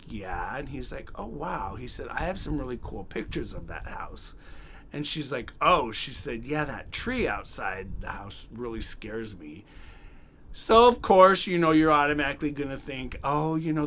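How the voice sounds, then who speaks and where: Lively, bright-voiced man reviewing horror books. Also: medium pitch, slight background noise. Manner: chatty, animated, retells scenes in quick quoted snippets. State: has the hiccups. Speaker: book review channel host. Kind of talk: casual unedited book review.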